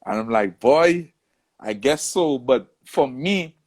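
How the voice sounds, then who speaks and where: A man's voice: medium pitch, slow pace. A man telling a long story in a casual interview and acting out the voices of the people in it. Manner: animated storyteller, acts out quoted voices. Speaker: soca artist, interview guest.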